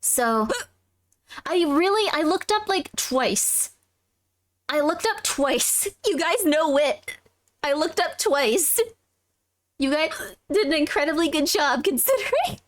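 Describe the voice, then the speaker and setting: A woman's voice: sits high, animated, slow, long pauses. A young woman livestreaming a game, chatting and giggling with her viewers. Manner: giggly, chatty, talks to chat. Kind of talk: casual live gameplay chat.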